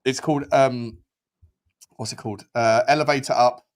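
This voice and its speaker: A man's voice: medium pitch, fairly even intonation, normal speed. A man hosting a casual group chat, chatty and bantering with his guests. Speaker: podcast host.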